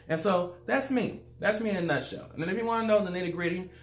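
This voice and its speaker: A man's voice: sits high, fast talker, echoey room. A man from Louisiana with a Southern accent, hosting his life coaching channel in an upbeat, casual motivational talk that uses a lot of repetition. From Louisiana, USA.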